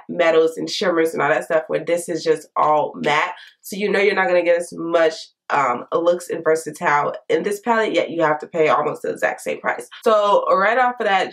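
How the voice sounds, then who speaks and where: A hoarse, congested woman, chatting frankly to camera in a casual makeup review. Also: fairly low pitch. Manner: chatty, frank, lively asides. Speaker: beauty vlogger.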